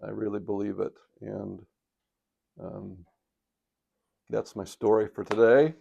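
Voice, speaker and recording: An older man in retirement telling a personal story on his video blog, reflective and halting with a touch of emotion, sitting by a fire at home. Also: on the low side, flat delivery, gravelly, warm tone, breathy edge, highs cut off. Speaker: vlogger. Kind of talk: casual storytelling. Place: indoors by a fireplace at home.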